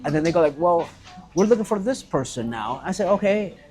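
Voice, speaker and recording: Animated storytelling man, slightly high voice. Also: fairly quick, soft background music. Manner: animated, swearing, acts out quotes. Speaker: guest, restaurant owner. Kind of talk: casual storytelling chat.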